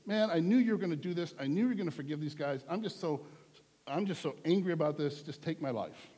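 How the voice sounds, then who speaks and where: A man's voice: a little high, quick pace, warm tone, husky. A man voicing a petulant, sulking adult male prophet in an exasperated, whiny way. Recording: long hall reverb.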